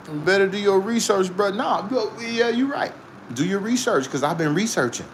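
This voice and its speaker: A man hosting a livestream, ranting at chat in a profane, mocking way and laughing often, his voice jumping between high taunts and low growls. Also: a little hiss or hum. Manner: laughs often while talking. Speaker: livestream host answering chat. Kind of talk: casual livestream rant.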